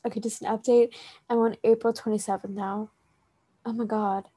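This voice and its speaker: A woman's voice: on the high side, normal speed, slightly rough, no room sound. A woman in her late teens hosting a casual chat, rambling with lots of fillers, swearing often and laughing easily. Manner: animated, with frequent laughter. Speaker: podcast host.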